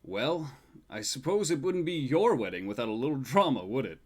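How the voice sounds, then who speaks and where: A game master slips into a towering old grandfather in a tabletop game, his deep, booming voice gentle and reassuring. He teases and steadies in the same breath, with an even, mid-range pitch. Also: moderate pace. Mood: teasing.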